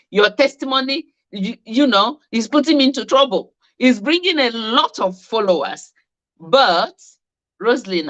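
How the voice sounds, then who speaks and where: A woman's voice: medium pitch, sharp tone, lo-fi sound. A woman hosting a live stream, reading out viewers' comments in a chatty, teasing way and laughing often. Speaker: host of a live weight-management Q&A.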